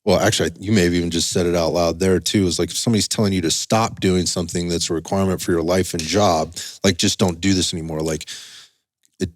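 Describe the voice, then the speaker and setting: A man with a notably low, deep voice hosts a casual podcast conversation, speaking emphatically and often restarting his sentences as he rambles through a point. His voice sounds close and dry on a studio microphone, with no room echo. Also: fairly even intonation, fast. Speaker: podcast host and strength coach.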